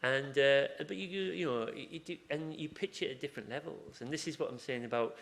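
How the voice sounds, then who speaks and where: This man talks fairly quickly in a creaky, mid-range voice with a fairly bright tone. An acupuncturist in a hospital surgery team, he chats informally at a conference that invites audience questions, voicing conversations from the ward.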